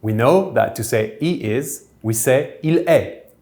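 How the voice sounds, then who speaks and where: A man teaching a beginner French lesson, explaining grammar step by step and saying the French examples slowly and clearly. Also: mid-range voice, animated, darkish tone. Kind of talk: recorded language lesson. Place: church hall classroom.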